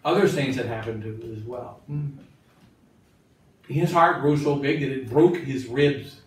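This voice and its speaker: Bishop teaching nuns; quizzes the room, repeats for emphasis; big echo, distant mic. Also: male voice, mid-range voice, unhurried. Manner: asks the listeners questions, repeats phrases for emphasis. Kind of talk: catechism talk to religious sisters. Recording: very echoey room, mic far off.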